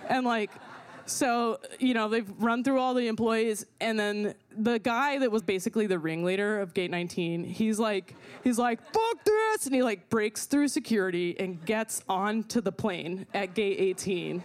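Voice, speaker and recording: A young woman telling a personal story in an animated way, full of fillers and swearing, often laughing as she talks. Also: medium pitch, normal speed. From not from America.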